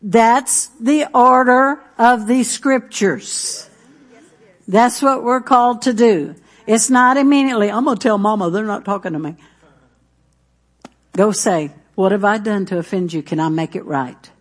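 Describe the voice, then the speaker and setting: Woman preaching slowly and conversationally. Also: mid-range voice. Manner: conversational preaching, restarts and asides to the congregation. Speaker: pastor. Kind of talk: sermon.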